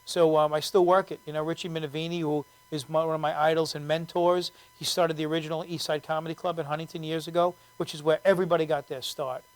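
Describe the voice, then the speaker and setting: A man's voice: fairly high pitch, level tone, fast talker, hardly any pauses. A man guesting on a talk show, telling stories in a chatty, rambling way and fumbling for names. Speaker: guest comedian. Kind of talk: interview chat.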